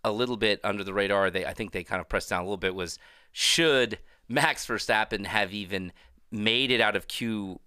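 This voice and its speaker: Bright-toned rambling podcast co-host man. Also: lowish voice, normal speed, smooth, dry recording, studio quality. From Texas. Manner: relaxed, rambling with many fillers. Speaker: co-host, F1 analyst. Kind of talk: casual podcast chat.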